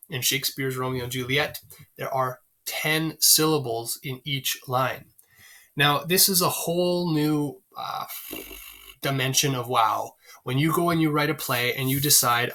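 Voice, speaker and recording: A man's voice: mid-range voice, pushed and bright. A man teaching a literature lesson in a chatty way, with frequent fillers and questions to the class. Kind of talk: recorded literature lecture.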